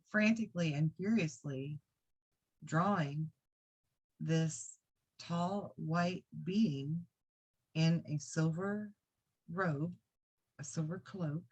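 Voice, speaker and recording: A woman's voice: deep voice, darkish tone, husky. A woman who does psychic readings, earnestly recounting a personal experience to camera in a rambling way with many fillers. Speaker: psychic reader and video diarist. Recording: dull lo-fi sound.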